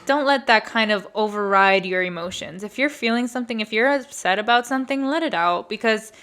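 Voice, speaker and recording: A woman's voice: fairly high pitch, fairly quick, fairly bright tone. A woman in her twenties hosting a podcast, telling a personal story in a candid, chatty way with frequent swearing. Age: 20s. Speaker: podcast host. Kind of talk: casual storytelling monologue.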